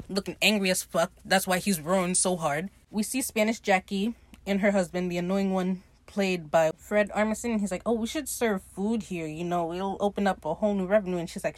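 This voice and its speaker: Woman recapping a show, super animated, cussing, doing the characters' lines, dry close mic. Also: medium pitch, no room sound. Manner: animated, swears freely, acts out characters' lines with laughs. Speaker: podcast host recapping a TV episode. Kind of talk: casual recap chat.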